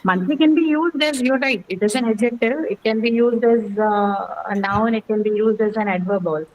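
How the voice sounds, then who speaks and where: A woman's voice: a little high, moderate pace, slight background noise, low-quality recording. A woman teaching pronunciation in an online class, patient and step by step, repeating words and asking "okay?". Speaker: English teacher.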